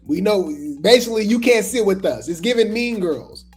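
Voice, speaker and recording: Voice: mid-range voice, animated, normal speed, darkish tone, faint music behind. A host giving casual gossip commentary, chatty and trailing off with repeated asides.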